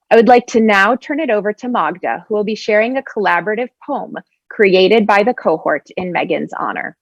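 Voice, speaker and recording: Woman reading a tribute, steady and even, dry lo-fi sound. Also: mid-range voice, dry recording. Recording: dry, slightly dull lo-fi audio.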